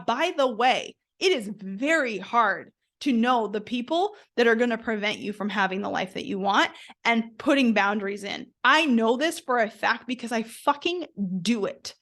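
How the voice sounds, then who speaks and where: A woman's voice: on the high side, a bit bright. A woman hosting a motivational solo podcast, talking bluntly and emphatically and swearing freely. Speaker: podcast host.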